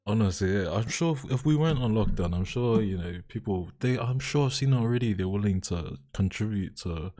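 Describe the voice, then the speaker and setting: Low-voiced New man, relaxed host. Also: brisk, hardly any pauses. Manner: relaxed, joking, slangy. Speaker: podcast host. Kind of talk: casual podcast chat.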